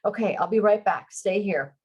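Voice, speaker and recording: A woman's voice: medium pitch, normal speed, darkish tone, breathy edge, dull audio, lightly acted. A woman reading aloud, voicing a worried young man who asks urgent, anxious questions and tries to comfort someone. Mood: reassuring.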